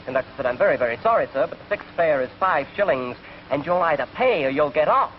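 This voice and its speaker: In this muffled 1940s film clip, a genial young Englishman in his twenties, freshly out of the service, rattles off jokes and laughs at his own gags. He talks fast in a natural, on-the-high-side, animated voice, with a little hiss or hum in the audio.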